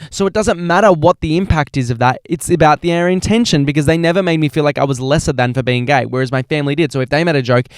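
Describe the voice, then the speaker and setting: A young Australian man talks through listener questions on his podcast, loose and rambling, often circling back with filler phrases. His voice sits a little high and comes across smooth and resonant. The sound is close and dry, with no room around it. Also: no echo. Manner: rambling, animated, heavy use of filler phrases. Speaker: podcast host. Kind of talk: casual solo chat answering questions.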